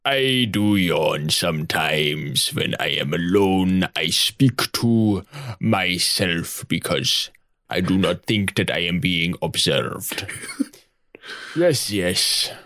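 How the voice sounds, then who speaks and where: A man voicing a lumbering guard who talks to himself in a slow, formal way. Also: sits low, expressive, sharp tone, no room sound, clean studio sound, exaggerated voice. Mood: drowsy.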